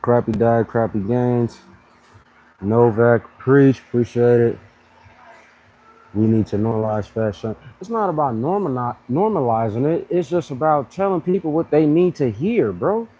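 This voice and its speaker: A man in his thirties talks straight to viewers in a loose live-stream chat about training. He sounds blunt and animated, leaning on slang and popping into higher voices to mimic people. His tone stays dark and mellow. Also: moderate pace, rough recording. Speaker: fitness channel host.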